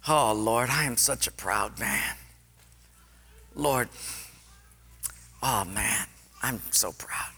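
A preacher voicing a proud army general, muttering and grumbling at first, then praying low and humbly. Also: male voice, fast, bright, forceful tone. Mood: contrite.

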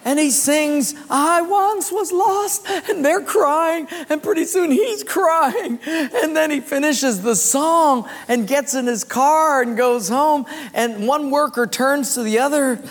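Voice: sits high, slow pace. Preacher telling a story in a reverberant auditorium. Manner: conversational, animated storyteller. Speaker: pastor. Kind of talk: sermon with storytelling. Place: large auditorium. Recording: long reverb in a large auditorium.

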